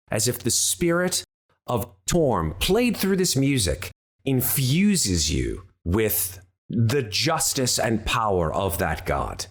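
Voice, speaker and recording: A male dungeon master narrating a tabletop game. His pitch moves lively up and down as he describes each scene and calls for checks.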